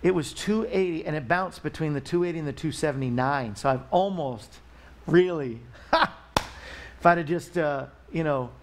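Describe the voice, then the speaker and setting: A man's voice: a little high, normal speed, a little hiss or hum. A man hosting a live talk show, chatting casually and rambling as he pleads for donations. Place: Missouri studio.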